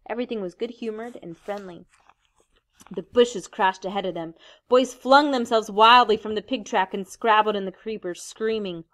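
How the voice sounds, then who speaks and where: A woman teacher reading a novel aloud in a steady, measured narrating voice. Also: mid-range voice.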